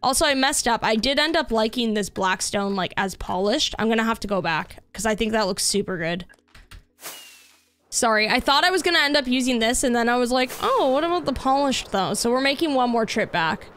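Chatty woman, fairly high voice. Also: animated, a little fast, fairly bright tone. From Canada. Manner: chatty, lots of "like", reacts to gameplay. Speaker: streamer. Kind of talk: casual live-stream chat while gaming. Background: faint background music.

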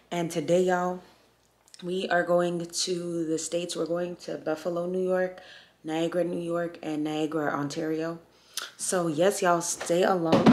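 A woman's voice: fairly low pitch, darkish tone. A young woman from Canada chatting casually to her own handheld camera as a vlogger, laid-back and full of filler words. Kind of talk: casual vlog chat to camera.

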